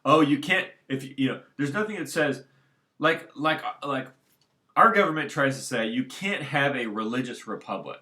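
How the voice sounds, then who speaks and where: A man's voice: mid-range voice, normal speed, bright, forceful tone. A man talking alone at home in a casual, unscripted monologue, rambling and circling back to his points. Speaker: solo commentator.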